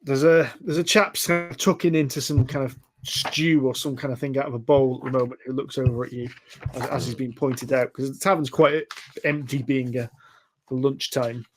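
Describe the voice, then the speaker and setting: Rambling game master. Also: male voice, medium pitch, steady tone, moderate pace, a little hiss or hum. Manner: rambling, self-correcting description. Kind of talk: narrating a tabletop game. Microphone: home mic on a voice call.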